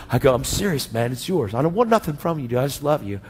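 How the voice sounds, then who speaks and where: A man preaching a sermon, telling a story in a slangy, animated way and acting out both sides of the conversation. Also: mid-range voice, fast, few pauses. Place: church sanctuary. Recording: church hall reverb with faint music.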